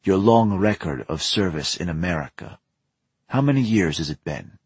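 A stern, menacing Russian spy, a woman officer issuing orders in an audiobook, voiced by a male narrator. The delivery is very deep and husky. The sound is dry and close. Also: expressive, normal speed, no room sound.

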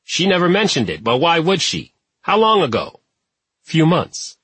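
A man's voice: a little high, huge pitch swings, a little slow, fairly bright tone, breathy edge, no echo, pitched above the performer's own voice, heavily acted. A man voicing a querulous, suspicious building superintendent in his sixties. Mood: skeptical. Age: 60s. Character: fussy suspicious older male building superintendent.

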